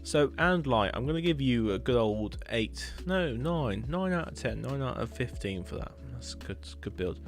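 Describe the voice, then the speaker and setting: Streamer, young man, Hampshire accent, gravelly voice, chatty and rambling, faint music behind. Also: mid-range voice, expressive, moderate pace, few pauses. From England. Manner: chatty, rambling, repeats words. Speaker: streamer reviewing builds. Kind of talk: casual live-stream commentary.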